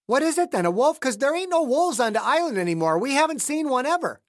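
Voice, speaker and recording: A woman's voice: sits high, very animated, fast, pitched above the performer's own voice. A man voicing a talkative rural wife who rambles on and frightens easily. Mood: alarmed. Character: chatty rural wife in a bathrobe, easily scared.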